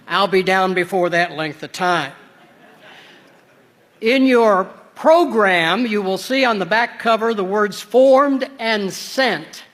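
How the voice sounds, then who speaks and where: An older man from Southern Illinois, a retired pastor, giving a measured conference address with wry storytelling asides. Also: high voice, a bit bright. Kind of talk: formal conference address with humor. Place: large conference hall. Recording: long reverb of a large conference hall.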